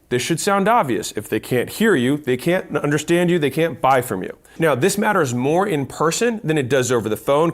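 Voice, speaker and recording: Quick, emphatic man with a fairly high voice, teaching sales to camera. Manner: fast-talking, punchy and emphatic. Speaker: sales educator. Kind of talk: direct-to-camera teaching talk.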